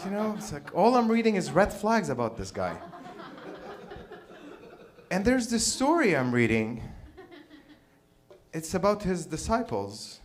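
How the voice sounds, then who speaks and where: A man performing a stand-up routine, telling irreverent stories in an animated way. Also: sits high, a little slow, pauses often. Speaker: stand-up comedian.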